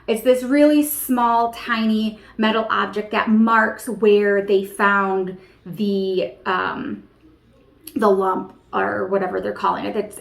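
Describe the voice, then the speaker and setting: A woman's voice: medium pitch, creaky, roomy sound. A woman in her thirties telling a personal story to camera in an earnest, emotional way, with many fillers like "you know" and "like". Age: 30s. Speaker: vlogger.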